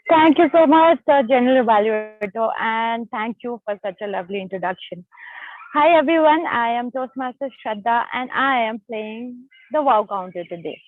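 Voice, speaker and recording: A woman explaining her role at a speaking club meeting in a bright, formal way. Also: fairly high pitch, moderate pace, dry recording. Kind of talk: brief role report. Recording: tinny phone-like line.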